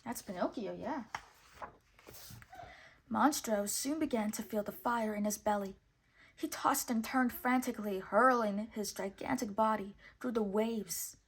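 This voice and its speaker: A woman reading a children's storybook aloud in clear, measured narration. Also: fairly high pitch. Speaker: storybook reader.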